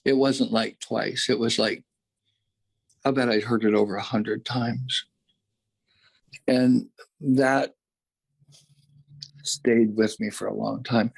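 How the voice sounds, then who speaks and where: A man as an interview guest, earnestly recounting a personal experience, halting and restarting often. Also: medium pitch, fairly even intonation, creaky, slightly rough.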